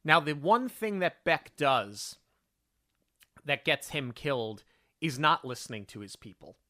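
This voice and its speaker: A man's voice: fairly high pitch, big pitch swings, measured pace, pushed and bright, no echo, clean studio sound. A man co-hosting a film review podcast, making his case in an analytical, firm way. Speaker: podcast co-host. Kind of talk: casual film review chat.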